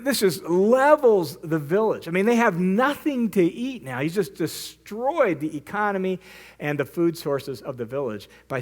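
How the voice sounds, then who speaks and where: A male pastor preaching a sermon, retelling a story vividly and acting out the characters' lines. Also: a little high. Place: church.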